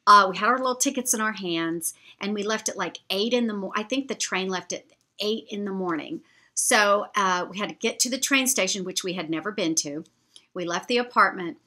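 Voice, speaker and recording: A woman telling a travel story to her viewers in a chatty, animated way. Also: mid-range voice, a little fast. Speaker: vlogger. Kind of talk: storytelling travel anecdote to camera.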